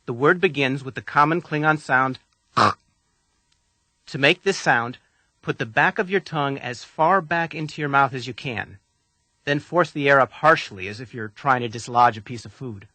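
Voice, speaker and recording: Bright-voiced man coaching pronunciation. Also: mid-range voice, dry recording. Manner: calm, deliberate, patient coaching. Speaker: language instructor. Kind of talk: scripted instructional narration.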